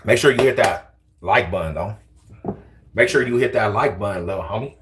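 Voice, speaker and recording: Taunting low-voiced man streaming from a car. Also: fairly quick, background noise. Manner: taunting, slangy trash talk. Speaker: livestreamer. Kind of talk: casual trash-talk livestream.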